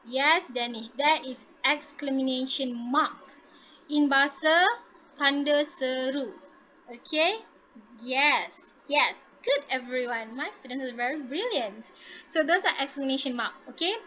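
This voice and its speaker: A woman's voice: sits high, unhurried, sharp tone, dull audio, a little hiss or hum. A woman teaching English to a class over a video call, encouraging her students and modelling intonation aloud.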